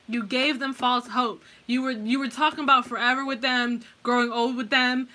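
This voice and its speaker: A woman's voice: a little high, steady tone, normal speed, hardly any pauses, pushed and bright. A woman giving a casual pick-a-card tarot reading, blunt and heavily profane, rambling with restarts and fillers as she talks straight to the viewer. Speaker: tarot reader.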